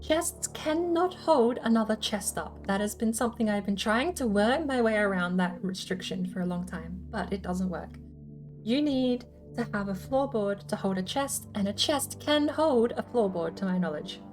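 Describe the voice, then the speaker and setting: A woman's voice: medium pitch, expressive, normal speed, a little mellow, soft background music. A woman hosting a casual livestream, thinking aloud as she explains her game build ideas. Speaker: streamer host.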